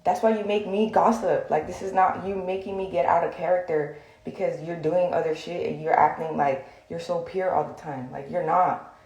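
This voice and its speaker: Woman vlogger, low-ish voice, heated profane rant with lots of filler words, echoey room. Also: steady tone, moderate pace, darkish tone. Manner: blunt, profane, rambling with many fillers. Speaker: social media vlogger. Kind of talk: heated direct-to-camera rant.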